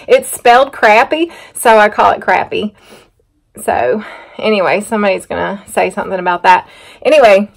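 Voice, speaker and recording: A middle-aged woman with a drawl talks easily and at length, wandering off into side stories and poking fun at herself. She sounds at home and unhurried, like a farm vlogger chatting to her viewers. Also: mid-range voice. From North Carolina. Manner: chatty, rambling, self-teasing. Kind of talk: casual vlog chat to camera. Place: outdoors on a muddy farm, then a home kitchen.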